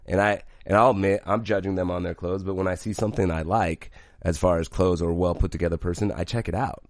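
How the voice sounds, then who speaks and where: A man co-hosting a podcast in casual chat, crude and teasing, quick to joke. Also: deep voice, steady tone, dry recording, clean studio sound. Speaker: podcast co-host.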